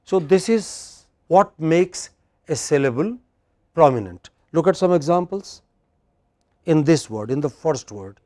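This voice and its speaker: Male Indian English lecturer, mellow and slightly high, slow and emphatic, dry close sound. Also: lively intonation, no room sound. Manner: slow, emphatic, quizzing students. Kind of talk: classroom lecture. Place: university classroom.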